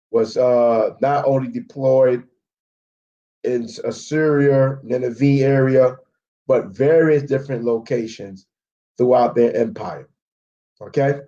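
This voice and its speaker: Male Bible teacher with a warm, dark voice, leading a live study and checking in often with listeners. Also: mid-range voice, highs cut off. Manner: checks in with frequent "okay?"; walks through maps and word studies on screen. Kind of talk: live Bible history lesson.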